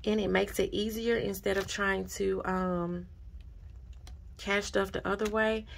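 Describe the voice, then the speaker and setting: A woman vlogging casually at her desk about budgeting supplies and mail she received, gushing and repeating herself when excited. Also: mid-range voice, unhurried, vocal fry, a little hiss or hum. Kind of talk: casual unboxing vlog. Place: home desk.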